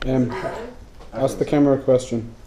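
A man's voice: mid-range voice, fairly even intonation, moderate pace, dark tone, poor audio. A young man filming behind the scenes, joking with friends and calling out directions. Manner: playful, teasing, calls out directions. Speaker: filmmaker shooting behind-the-scenes footage. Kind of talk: casual banter with friends.

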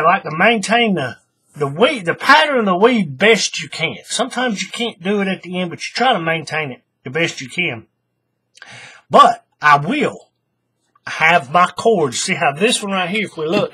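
A man's voice: fairly high pitch, sharp tone, husky. A man hosting a casual craft tutorial, thinking aloud as he works and often restarting his sentences. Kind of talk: casual how-to demonstration.

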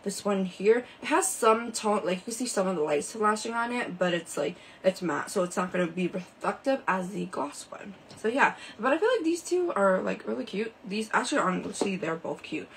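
A woman's voice: mid-range voice, expressive, normal speed, few pauses, slight background noise, rough recording. A woman hosting a live shopping stream, chatting casually and showing products with lots of fillers, indoors under a ring light.

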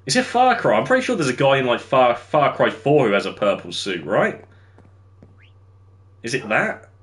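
A man's voice: medium pitch, big pitch swings, normal speed, fairly bright tone. A young man streaming a game, chatting with viewers while he builds and laughing easily. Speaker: livestreamer. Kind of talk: casual gameplay commentary.

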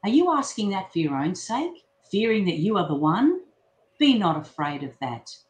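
A woman reading the lines of Jesus, a calm man gently teaching his disciples, in a measured, merciful way. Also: medium pitch, voice pushed down, close to an everyday voice. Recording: roomy echo.

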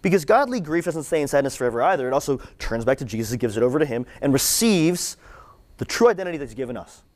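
A young man giving a conversational sermon-style talk to students, animated and repeating phrases for emphasis. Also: mid-range voice, fast. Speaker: campus ministry speaker.

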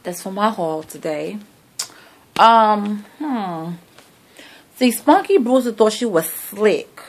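A woman's voice: medium pitch, animated, takes it slowly. A middle-aged woman chatting sassily to camera about her shopping haul, recorded on a phone at home. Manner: chatty, sassy, talks to viewers like friends. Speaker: vlogger showing a shopping haul. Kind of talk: casual chat to camera.

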